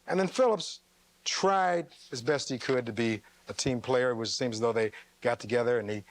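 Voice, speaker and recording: A man acting as defense attorney, delivering a courtroom closing argument, reading testimony aloud and putting rhetorical questions to the jury, with sharp leaps in pitch on stressed words.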